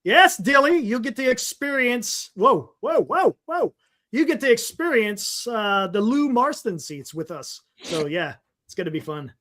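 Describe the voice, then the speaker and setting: High, bright easygoing man. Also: big pitch swings, unhurried. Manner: laughing, easygoing. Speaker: co-host. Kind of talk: casual chat.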